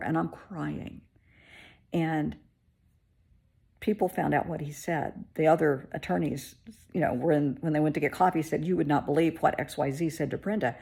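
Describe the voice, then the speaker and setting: Low, gravelly, husky woman telling a story. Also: warm tone. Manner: candid, emotional, conversational retelling. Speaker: therapist. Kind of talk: personal storytelling vlog.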